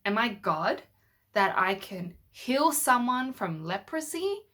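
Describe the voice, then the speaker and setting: A woman's voice: medium pitch, sing-song, takes it slowly, sharp tone, heavily acted. A woman voicing an angry, panicking king in a storybook tale told to children. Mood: alarmed. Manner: exclaiming in alarm.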